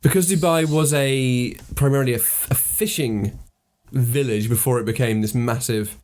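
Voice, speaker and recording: A man talks casually on a podcast, eagerly building on ideas as they come. His voice sits at an ordinary middle pitch, loose and conversational. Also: darkish tone, a little hiss or hum. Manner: enthusiastic, quick to riff on ideas. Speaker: podcast co-host. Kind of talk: casual brainstorming chat.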